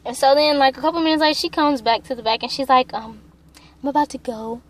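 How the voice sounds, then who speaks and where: High-voiced young woman telling a story. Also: quick pace. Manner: animated, profane, acts out quotes. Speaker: vlogger. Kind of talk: casual personal storytelling.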